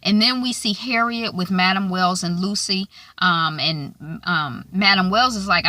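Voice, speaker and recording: A woman chats through an episode recap, casual and talkative, full of filler words. Her voice is bright and forceful. The recording is dry and close. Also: mid-range voice, measured pace, hardly any pauses, dry recording. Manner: chatty, lots of um fillers, acts out quotes. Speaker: recap vlogger.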